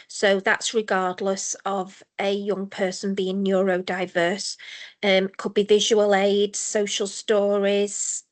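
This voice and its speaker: A woman runs through an online presentation for parents and staff. Her pitch sits in an ordinary middle range. She talks in a measured, explanatory way, pausing now and then on a filler. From England. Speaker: mental health service lead presenting a webinar. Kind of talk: scripted webinar presentation.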